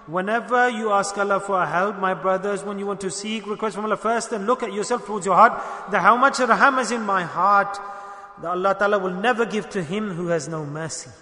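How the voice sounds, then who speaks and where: A man preaching a sermon with emphatic repetition, swinging between loud declarations and hushed lines. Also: high voice. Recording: echoey hall with long reverb.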